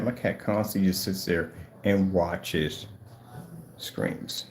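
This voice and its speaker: A man speaks slowly in a low-pitched, steady voice, giving a casual home demo of his projector screen paint in an emphatic, rambling sales style. He's in a room with a projector and a gray wall, and the audio has a roomy echo.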